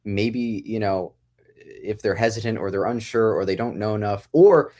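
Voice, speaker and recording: A man's voice: lowish voice, moderate pace, dark tone. A man who writes and directs a podcast sitcom, talking casually in a rambling way, often breaking off mid-phrase and chuckling.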